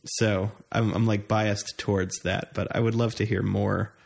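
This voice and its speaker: A young man in casual conversation, talking in a relaxed, rambling way with frequent hesitations. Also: fairly low pitch, measured pace, creaky, breathy edge. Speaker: conversation partner. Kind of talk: casual chat.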